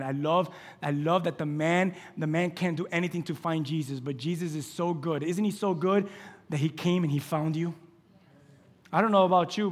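A male pastor preaching a sermon in an animated storytelling way, asking the congregation questions. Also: on the high side, big-room sound.

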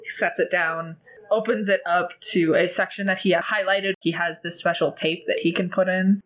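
A woman's voice: lowish voice, steady tone, normal speed, poor audio. Chatty woman playing a tabletop game. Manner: chatty, giggly. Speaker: player. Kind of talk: tabletop role-play, describing her character. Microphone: video call.

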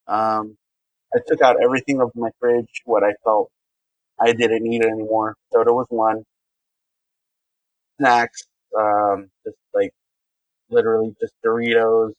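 Speaking on the low side, this male podcast guest is candid and earnest in interview talk, halting often and starting his sentences over. The audio has no echo.

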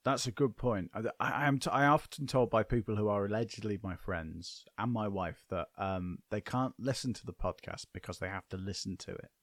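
A man's voice: on the low side, normal speed, hardly any pauses, fairly bright tone, no echo, clean studio sound. A man co-hosting a podcast in casual chat, rambling and self-deprecating, with many restarts. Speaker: podcast co-host.

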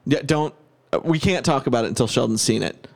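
A man's voice: medium pitch, fast talker, vocal fry. A man hosting a podcast in casual chat, eager and emphatic. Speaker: podcast host.

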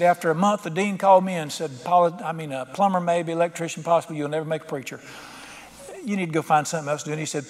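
High-voiced preacher in a reverberant hall. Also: male voice. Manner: storytelling preacher, rising to fervent emphasis. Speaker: pastor. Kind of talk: sermon.

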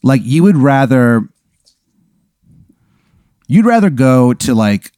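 A male podcast host telling an improvised comedic story, animated and full of fillers and swearing. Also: mid-range voice, slow pace, dry recording, studio quality.

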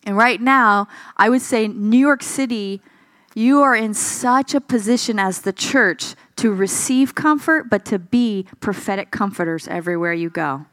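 Speaking a little slowly at medium pitch, a woman preaches expressively and conversationally, asking the congregation questions and acting out the people she quotes. There's a slight weariness in her voice and no room sound.

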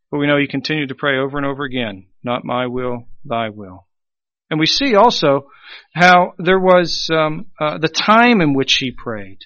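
A man preaching a sermon with emphasis, swelling on key phrases and dropping low at the ends. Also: creaky, bright, forceful tone, no echo, dull audio. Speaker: pastor.

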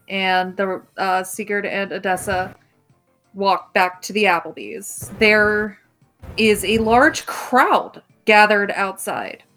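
A woman's voice: mid-range voice, sharp tone. A woman narrating a tabletop game as game master, casual with lots of fillers.

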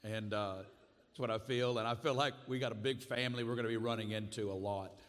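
A man in his forties with a strong Arkansas drawl tells his testimony as a guest preacher, full of folksy asides. His voice is bright and forceful. It rings with the long reverb of a large hall. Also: medium pitch, steady tone, quick pace. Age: 40s. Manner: folksy storytelling with frequent asides. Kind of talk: sermon testimony.

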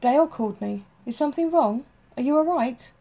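A woman voicing a frightened young woman who is worried for her partner, urgent and pleading, rising to shouts. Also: sits high, expressive, normal speed, husky, voice pushed up.

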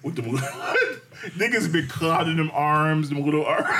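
A man co-hosting a podcast, telling family stories in a casual, animated way, swearing freely and laughing often. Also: on the high side, slow, slight background noise. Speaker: podcast co-host. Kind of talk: casual chat.

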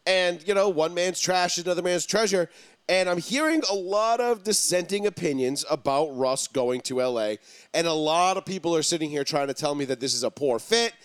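A man's voice: a little high, lively intonation, clean tone, no echo. Emphatic sports-talk host man, dry sound. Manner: emphatic, argumentative, drawn-out pauses. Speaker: podcast host.

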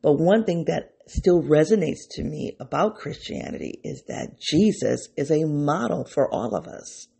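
A man's voice: a little high, lively intonation, unhurried, gravelly, few pauses, dark tone, breathy edge. A man talking to his viewers in an unscripted reflective monologue, rambling and restarting his thoughts, openly emotional. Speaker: vlogger speaking to his viewers.

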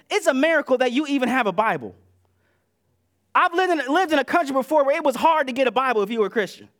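A man preaching a sermon in a church, talking in a conversational way and acting out the voices he quotes, swinging between loud and soft. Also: very high voice. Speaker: pastor. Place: church sanctuary.

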